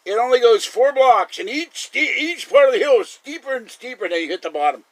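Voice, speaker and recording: A man's voice: very high voice, lively intonation, a little fast, few pauses, no room sound, rough recording. A man hosting a live stream, rambling through casual stories and chuckling often. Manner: chatty storyteller, chuckles often.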